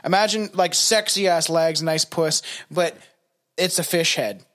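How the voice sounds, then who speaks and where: High pitched guy hosting a podcast, swears a lot, rambles. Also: measured pace, fairly bright tone. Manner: profane, rambling with many fillers. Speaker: podcast host. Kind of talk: casual chat reading folklore.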